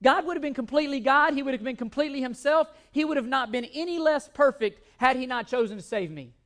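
A man's voice: extremely high pitch, quick pace, a bit bright. A man preaching a sermon as pastor, emphatic, often repeating words and asking rhetorical questions.

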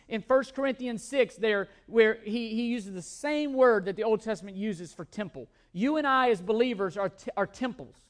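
A man's voice: high voice, moderate pace, hardly any pauses. A man preaching a sermon as pastor, emphatic, often repeating words and asking rhetorical questions.

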